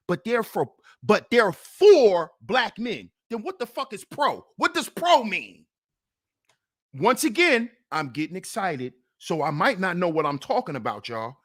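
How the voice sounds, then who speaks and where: A high, very animated voice, a little slow, carries a male livestream host's fired-up preaching. He leans on rhetorical questions and swings back and forth between loud challenges and sarcastic muttering.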